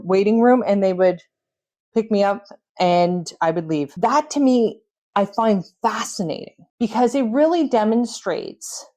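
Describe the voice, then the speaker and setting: A woman's voice: mid-range voice, a little mellow. Woman doing her own podcast, earnest storytelling, mid-range voice. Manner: earnest, storytelling with self-coaching tone. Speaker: podcast host. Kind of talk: reflective solo podcast talk.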